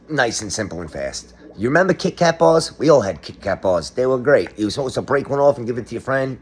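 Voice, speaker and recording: A man's voice: fairly low pitch, slightly rough. A middle-aged man doing a comedic monologue, ranting sarcastically as if exposing a conspiracy. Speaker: comedic commentator.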